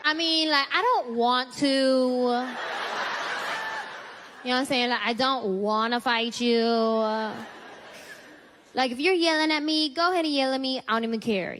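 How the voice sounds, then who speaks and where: High-voiced woman doing wry stand-up. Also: measured pace, long pauses, a crowd in the background. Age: adult, married. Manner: wry, conversational, acts out quotes. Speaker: stand-up comedian. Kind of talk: stand-up storytelling.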